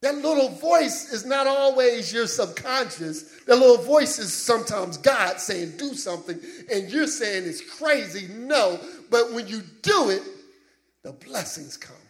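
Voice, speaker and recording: A male preacher with a high, lively voice that swings up and down as he drives his points home. He talks at an unhurried pace in a loose, conversational sermon style, with laughing asides and calls for amens. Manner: animated, laughing asides, asks congregation "Amen?".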